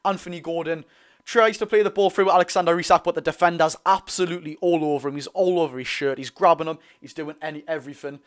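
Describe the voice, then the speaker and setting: A young man with a Geordie accent hosting a live football watch-along, chatty and excitable, bursting into loud reactions. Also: fairly high pitch, quick pace. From North East England. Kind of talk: live fan commentary.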